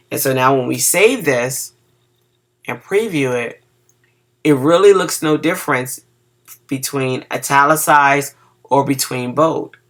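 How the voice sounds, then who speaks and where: A casual web design teacher walks through a screen-recorded coding lesson, chatty and checking in with the class. The voice has a gravelly edge and a bright, forward tone. The teacher sounds a little groggy on cough medicine and trips over words now and then. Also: mid-range voice.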